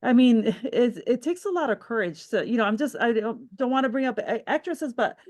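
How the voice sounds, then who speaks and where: A woman's voice: a little high, expressive, fairly quick, a little mellow. A woman hosting a podcast interview, talking in a reflective, rambling way with many restarts. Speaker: podcast host.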